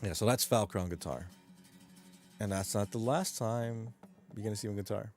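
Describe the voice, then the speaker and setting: Casting: rambling, profane streamer guy from New York, low-ish voice, casual chat with chat. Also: normal speed, darkish tone, faint music behind. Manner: profane, rambling, restarts sentences. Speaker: livestream host.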